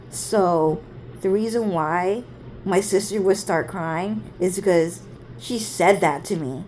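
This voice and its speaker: A woman's voice: fairly low pitch, slow, a little mellow, a little hiss or hum. A woman vlogger telling a story casually, rambling and swearing, with plenty of fillers and side remarks.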